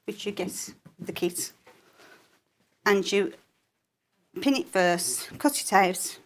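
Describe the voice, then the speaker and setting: A woman's voice: mid-range voice, slow pace. A woman giving a live sewing demonstration on a shopping channel, chatty and jokey as she explains each step.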